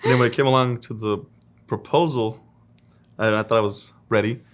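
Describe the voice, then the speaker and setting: A young man talking in a studio about his relationship, soft-spoken and brief, with quiet chuckles. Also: medium pitch, fairly even intonation, fairly quick. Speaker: groom-to-be telling their love story. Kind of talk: casual conversation on camera. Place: video studio.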